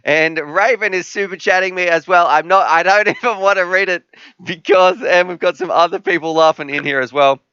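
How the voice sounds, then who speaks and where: A chatty male live stream host with a bright, clear, fairly high voice. He laughs easily and reads out viewer messages into a close, dry mic. The sound is a little dull and lo-fi. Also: a little fast, no room sound. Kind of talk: casual live stream chat.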